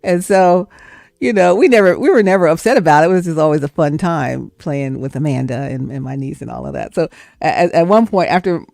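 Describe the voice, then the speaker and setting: A woman hosting a livestream, telling a story in a chatty, animated way. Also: deep voice, brisk, gravelly, no room sound, studio quality. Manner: chatty and animated, breaks into laughter. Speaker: livestream host. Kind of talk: casual storytelling.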